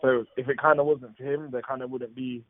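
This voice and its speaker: A man talking over a tinny phone line, thinking out loud and hedging his views. His pitch sits in the middle range, and his tone stays casual and easygoing. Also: little pitch movement, fairly quick. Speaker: panel guest.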